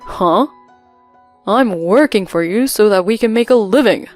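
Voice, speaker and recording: A woman's voice: medium pitch, takes it slowly, no echo. A woman voicing a cold, dismissive husband in a narrated story, speaking curtly over faint music. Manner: curt, dismissive.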